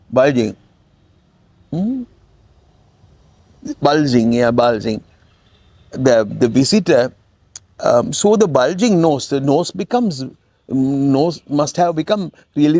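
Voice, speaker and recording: A man's voice: medium pitch, darkish tone, no room sound. A man with a Sri Lankan accent teaching a spoken English lesson, explaining words through repetition and acted-out lines.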